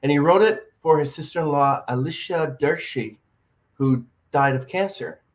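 A man's voice: a little high, normal speed. Chatty male podcast host. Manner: chatty, reads viewer comments aloud. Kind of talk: casual podcast interview.

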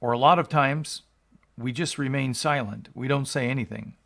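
A man's voice: medium pitch, moderate pace, creaky, fairly bright tone. A male pastor reading scripture aloud and explaining it, in an earnest teaching tone that rises for emphasis. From United States.

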